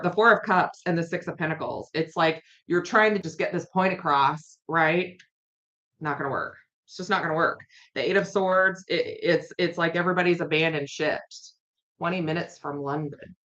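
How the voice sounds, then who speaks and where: A woman reads tarot cards on a live stream, talking in a loose, chatty way and circling back to repeat her points. Her voice is bright and forceful. The stream audio sounds dull and lo-fi. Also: sits low. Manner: chatty, repeats phrases, reads viewer comments aloud. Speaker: tarot reader.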